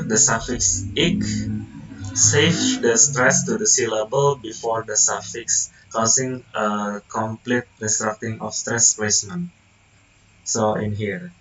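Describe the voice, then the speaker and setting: A young man, a student whose first language is Indonesian, reading a class presentation haltingly, with restarts and self-corrections. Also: on the low side, a bit bright, far from the mic, lo-fi sound. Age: young adult.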